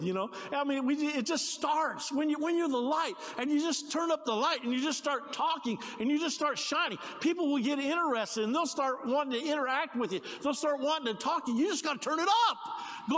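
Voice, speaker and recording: A middle-aged male pastor preaching a sermon, telling stories in an excited, animated way with many restarts. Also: extremely high pitch, fairly quick. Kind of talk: sermon with storytelling. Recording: long hall reverb.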